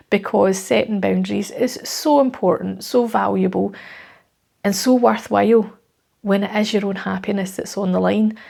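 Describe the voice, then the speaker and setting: A Scottish woman coaching her viewers, her middle-pitched voice running into a gravelly fry at the ends of phrases. She talks conversationally and reassuringly, and she often tosses in tag questions to draw the listener in. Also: darkish tone. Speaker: life coach. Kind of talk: direct-to-camera coaching talk.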